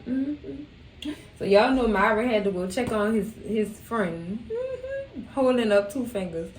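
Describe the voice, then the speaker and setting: A young recap channel host chats casually about a show in an echoey room, acting out quotes and frequently laughing. She has a mid-range voice and a moderate pace, with a distant mic and slight background noise.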